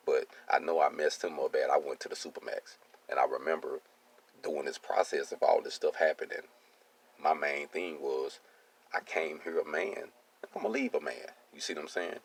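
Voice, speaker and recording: Man: a very low voice with gravel in it, casual and streetwise, keeps checking in with the listener. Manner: streetwise, keeps asking "you see what I'm saying". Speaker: welding business owner. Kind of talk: casual personal monologue.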